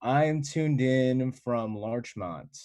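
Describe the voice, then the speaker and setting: A man, a comedian, chatting casually over a video call in a halting, hesitant way with frequent restarts. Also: medium pitch, warm tone, no room sound. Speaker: stand-up comedian.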